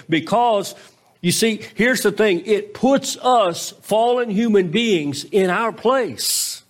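Preacher guy, kinda high voice, slow and chatty, keeps asking the church questions. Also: expressive. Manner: conversational preaching with rhetorical questions; pitch swings widely between raised and low. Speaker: pastor. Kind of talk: sermon.

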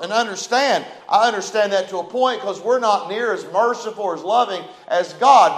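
A man with a high voice preaches emphatically, reading scripture, driving home his point, and including a short prayer. The recording has a roomy sound.

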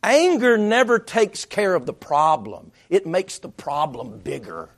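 A man acting as pastor preaches a sermon in a conversational way, often restarting his sentences and swinging between loud bursts and hushed asides. His voice is high and unhurried, with wildly swooping pitch.

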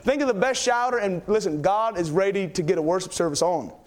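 Delivering a sermon in church at a brisk pace, a young preacher speaks in a notably high voice. His storytelling is excitable and meandering, heavy with fillers and restarts.

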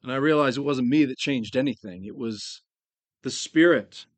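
The recording, free of room sound, captures a male pastor's sermon. He speaks earnestly at a medium pitch and slows down whenever he wants key phrases to land.

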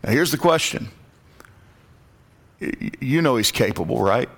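A man preaching a sermon, praying and reading scripture, rising to loud impassioned calls. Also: medium pitch, animated, unhurried. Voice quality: glasses-wearing reader of scripture. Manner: rises to loud impassioned calls when quoting.

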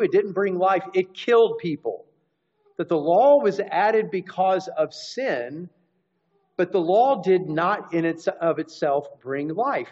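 A man's voice: sits high, a little mellow, slightly rough. A man preaching a teaching sermon, explaining scripture and restarting phrases as he goes. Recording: dull lo-fi recording.

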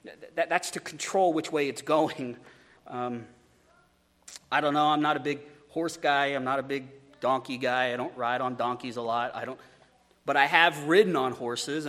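A man's voice: on the high side, moderate pace, a bit bright, long reverb tail. A man preaching a sermon as a pastor, conversational, with stumbling repeats and joking asides.

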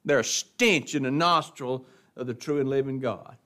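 A man's voice: mid-range voice, normal speed, bright, forceful tone. A man teaching an adult Bible class verse by verse, in a folksy, emphatic preaching manner that repeats words for stress.

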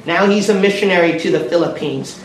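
A man preaching a sermon and telling stories in an animated way. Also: high voice, fairly quick. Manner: animated, storytelling with energy. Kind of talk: sermon storytelling. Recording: echoey room from far off with faint noise.

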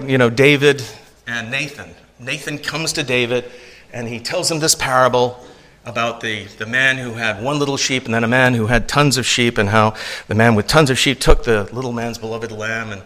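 A man preaching a sermon from the pulpit, animated and acting out the voices of the people in his story. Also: medium pitch, moderate pace. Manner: animated, acts out quoted voices. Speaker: pastor.

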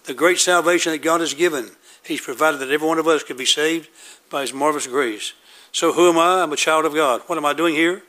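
A man delivers a sermon in a bright, forceful voice that sits slightly high. He preaches earnestly, circling back to the same questions and answering them himself. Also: fairly quick. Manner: earnest, repetitive call-and-response preaching.

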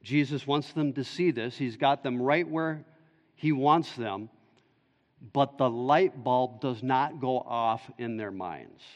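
A man's voice: medium pitch, slow pace. Man, pastor, earnest sermon, long reverb, muffled sound. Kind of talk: expository sermon. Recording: dull echoey church hall recording.

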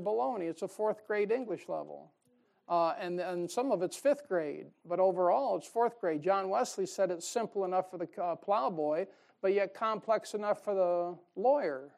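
A man preaching a sermon in a folksy, emphatic way, chuckling at his own jokes and swinging between loud stresses and soft asides. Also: sits high, animated, normal speed, gravelly.

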